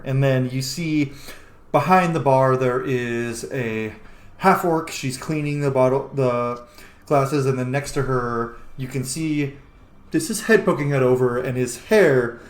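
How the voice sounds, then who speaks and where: A man narrating a tabletop game as game master in a relaxed, easygoing way over an online call. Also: mid-range voice, roomy sound. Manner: relaxed, easygoing description with casual fillers.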